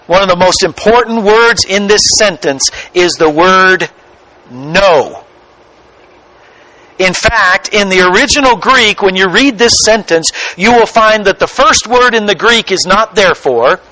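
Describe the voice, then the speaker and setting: A man preaching a sermon as pastor, slow and emphatic, stretching out key words for weight. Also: sits high, bright, forceful tone, dry recording, low-quality recording.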